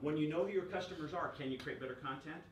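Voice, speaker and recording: A man giving a lively workshop presentation to a room, joking and quizzing the audience. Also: fairly high pitch, fast talker, slight background noise. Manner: energetic, jokey, asks the audience questions. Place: chamber of commerce meeting room. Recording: echoey room recorded from far off.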